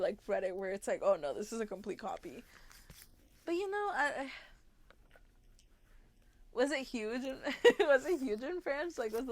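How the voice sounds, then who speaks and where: A woman's voice: on the high side, no room sound. A young woman livestreamer chatting casually with her viewers, bubbly and giggly, often gasping and restarting her sentences.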